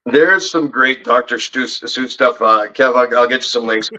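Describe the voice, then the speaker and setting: A man's voice: mid-range voice, moderate pace, pushed and bright, low-quality recording. A man guesting on a podcast, telling rambling, jokey stories and teasing the hosts. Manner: rambling, jokey storyteller who teases the hosts. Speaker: guest poker pro and betting expert. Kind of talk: casual podcast storytelling.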